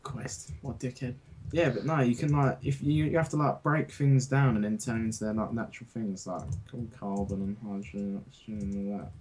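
A man's voice: fairly low pitch, fairly even intonation, fairly quick, a little mellow, a little hiss or hum. A young man, rambling and swearing in casual chat while playing a game. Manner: rambling, swearing, stumbling restarts. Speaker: gamer.

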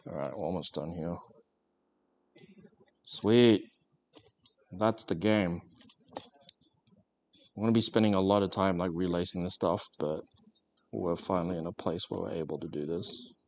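A man's voice: low voice, measured pace, long pauses, slight background noise. A man chatting casually and joking with viewers while working on a craft during a live stream. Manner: rambling, joking, talks to chat while working.

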